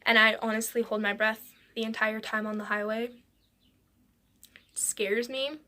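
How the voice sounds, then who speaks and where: Woman telling a story, halting, slips into whispers. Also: fairly high pitch, fairly even intonation, sharp tone. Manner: halting, with frequent restarts and drops into a whisper. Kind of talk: personal storytelling.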